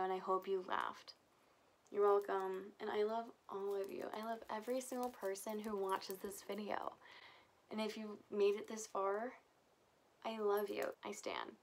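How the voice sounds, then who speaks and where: A young woman vlogger telling a casual storytime, chatty and full of filler words. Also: medium pitch. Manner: chatty, heavy use of filler "like".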